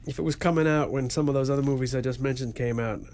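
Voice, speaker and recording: A man chatting casually as co-host of a movie review show. His delivery is dry and offhand, with a joking edge. He speaks at an ordinary, middle pitch. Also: steady tone, quick pace, darkish tone, a little hiss or hum. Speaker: podcast co-host.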